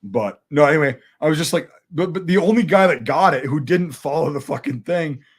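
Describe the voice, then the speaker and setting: A man's voice: a little high, brisk, breathy edge. Profane storyteller man from Wisconsin. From Wisconsin, USA. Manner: profane, animated, acts out quoted dialogue. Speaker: military veteran telling a war story. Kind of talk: casual storytelling chat.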